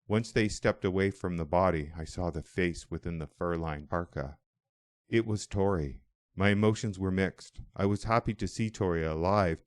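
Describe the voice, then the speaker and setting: A man narrating a first-person audiobook in a measured, reflective way. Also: low voice, no room sound, studio quality.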